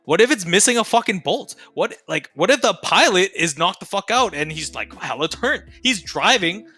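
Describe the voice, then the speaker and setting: A man's voice: high voice, lively intonation, normal speed, pushed and bright, husky, no echo, soft background music. A young man, a streamer guest on a podcast, talking casually with heavy profanity and slang, laughing often.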